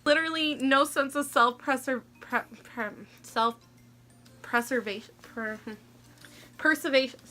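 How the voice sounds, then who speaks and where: Bright high-voiced young woman storyteller. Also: unhurried, soft background music. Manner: animated, laughing, lots of "like". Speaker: vlogger. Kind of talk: casual storytelling.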